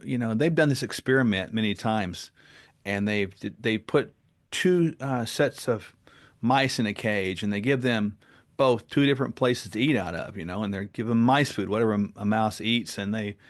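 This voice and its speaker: A man talking as a podcast guest, telling stories in an earnest and animated way. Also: mid-range voice, moderate pace. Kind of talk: casual interview talk and storytelling.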